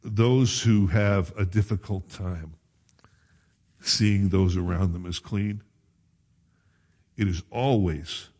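Husky man preaching conversationally. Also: sits low, takes it slowly, pauses often, darkish tone. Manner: conversational preaching with self-corrections and asides. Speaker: pastor. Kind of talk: sermon.

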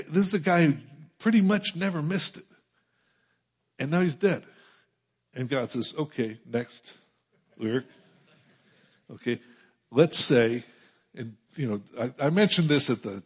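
A middle-aged man preaching a conversational sermon, building to emphatic peaks and dropping into quiet asides. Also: mid-range voice, breathy edge. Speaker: pastor. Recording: muffled lo-fi sound.

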